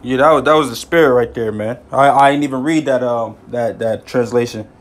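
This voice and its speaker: A medium-pitched male Bible teacher explains scripture in a casual, excitable manner. He reads verses slowly and keeps dropping in "man" and "you know."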